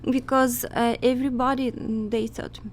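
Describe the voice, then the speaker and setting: A woman who is not a native English speaker, recounting a flight in halting English with many pauses, as a guest in a casual talk. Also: a little high, level tone, slight background noise. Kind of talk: casual chat.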